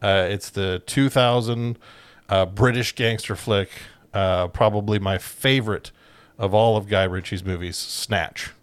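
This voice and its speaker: Male co-host, low voice, hesitant stammering delivery, dry close recording. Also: fairly even intonation, unhurried, smooth, no echo. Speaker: podcast co-host. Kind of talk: casual movie podcast chat.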